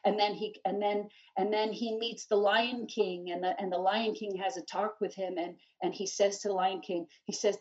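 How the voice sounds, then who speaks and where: A woman's voice: medium pitch, steady tone, moderate pace, hardly any pauses, breathy edge. A woman guest giving an earnest personal testimony, with frequent restarts. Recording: dull, slightly distant recording.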